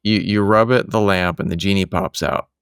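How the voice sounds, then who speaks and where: A man's voice: sits low, fairly even intonation, moderate pace, creaky, clean tone, no room sound, studio quality. A man who hosts podcasts, talking in a casual conversation from his home office and sharing earnest, reflective stories.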